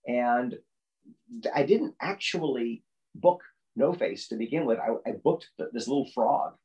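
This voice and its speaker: Animated storytelling voice-actor man. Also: a little slow, muffled recording. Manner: animated storyteller, acts out quotes with big pitch jumps. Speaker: voice actor guest. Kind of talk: storytelling in a podcast interview.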